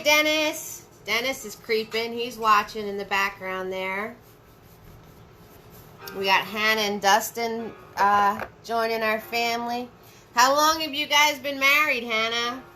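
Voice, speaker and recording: Slow, bright-voiced woman teaching painting. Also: fairly high pitch, steady tone, faint music behind. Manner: chatty, repeats phrases, greets viewers by name. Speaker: paint party instructor and host. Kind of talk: live-streamed painting lesson with viewer chat.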